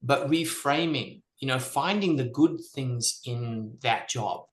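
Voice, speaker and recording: A man's voice: medium pitch, slow. A man appearing as a podcast guest, explaining his ideas in a thoughtful, casual way. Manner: thoughtful, explanatory, frequent "you know". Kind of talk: casual reflective chat. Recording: echoey room.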